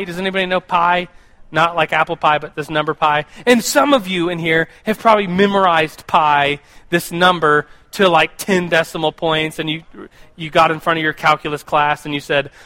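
A man's voice: on the high side, pushed and bright. A young man speaking casually to a group as a teacher of the Bible, often repeating words and stopping to ask the listeners questions. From United States. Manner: rambling, repeats words, asks the audience questions. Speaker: youth pastor or Bible teacher. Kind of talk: casual sermon to a live group.

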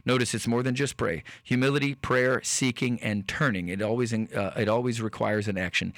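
A man hosting a radio talk show as a preacher, speaking in an earnest, slow, emphatic way with many fillers and restarts. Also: mid-range voice, steady tone, fairly bright tone, no room sound, studio quality. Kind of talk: radio sermon-style talk.

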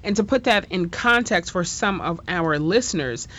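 A woman with a New York accent guest-hosts a radio interview. Her voice sits a little low, and she talks assuredly and conversationally, laying out statistics for her listeners. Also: animated, normal speed, fairly bright tone, muffled recording. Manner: assured, conversational, quotes figures.

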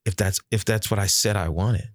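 A man co-hosting a casual podcast chat, talking bluntly with swearing and loud emphatic peaks. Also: on the low side, fairly even intonation, normal speed, no echo, studio quality. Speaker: podcast co-host.

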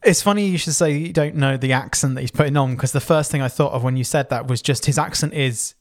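A man's voice: mid-range voice, quick pace. A man, co-hosting a podcast, chatting casually and rambling with fillers and restarts. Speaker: podcast co-host. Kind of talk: casual podcast review chat.

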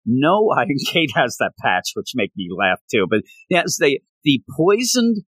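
A man chatting casually on a podcast, excited and rambling, often restarting his sentences. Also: mid-range voice, measured pace, breathy edge, no room sound. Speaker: podcast co-host. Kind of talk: casual chat about comics.

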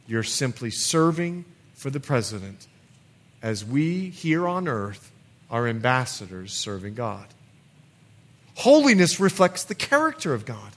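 A man preaching a sermon as pastor, building to emphatic outbursts and easing into soft, quiet appeals. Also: mid-range voice, sing-song, measured pace.

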